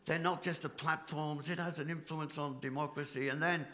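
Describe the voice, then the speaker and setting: Middle-aged British union leader, impassioned debate speech, bright edge to the voice. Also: male voice, a little high, steady tone, normal speed. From Britain. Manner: passionate, rhetorical, builds with repetition. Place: conference hall stage.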